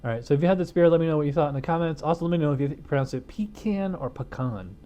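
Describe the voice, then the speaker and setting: A man's voice: on the high side, steady tone, rapid-fire, mellow. A middle-aged man reviewing a beer on his own channel, talking in a loose, rambling way with lots of fillers. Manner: rambling, filler-heavy, laid-back. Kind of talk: casual chat.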